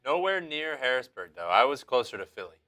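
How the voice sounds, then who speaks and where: A man's voice: mid-range voice, very animated, fairly quick, pushed and bright, faint music behind. A man, the show's producer, chatting casually and hesitating as he searches for words. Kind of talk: casual chat.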